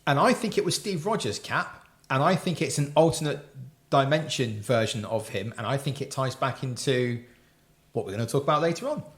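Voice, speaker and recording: A man's voice: medium pitch, expressive, a little fast. A man co-hosting a casual podcast chat, talking at length about plot details. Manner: chatty, recaps plots at length. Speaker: podcast co-host. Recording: roomy echo.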